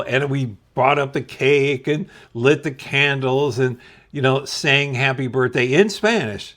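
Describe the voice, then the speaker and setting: Slow-talking man telling a school story. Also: medium pitch, a bit bright. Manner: slow, laughing, self-deprecating. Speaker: channel host telling a story. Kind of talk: casual storytelling to camera.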